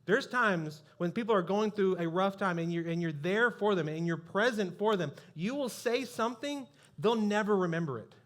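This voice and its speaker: A man's voice: high-pitched, lively intonation, moderate pace, hardly any pauses. A man preaching a sermon as pastor, telling a personal story in a conversational, self-deprecating way.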